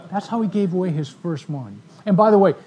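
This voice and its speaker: A man telling stories in a sermon to a live audience, animated, acting out the voices of the people in his stories. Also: high voice, fairly quick, husky. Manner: animated storyteller, acts out quoted voices. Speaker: ministry speaker. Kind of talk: storytelling sermon talk.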